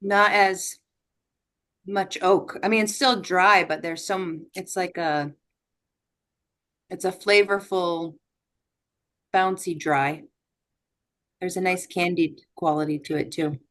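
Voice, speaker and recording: A woman's voice: fairly low pitch, steady tone, takes it slowly, long pauses, fairly bright tone. A woman at a whiskey club tasting, chatting casually in a mid-range voice. She reads out recipe details and searches for words to describe what she tastes.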